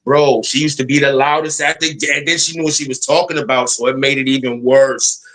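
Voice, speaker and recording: A man's voice: mid-range voice, fairly even intonation, brisk, fairly bright tone. A man co-hosting a live stream panel, telling stories in casual, slangy, profane chat and acting out the voices he quotes.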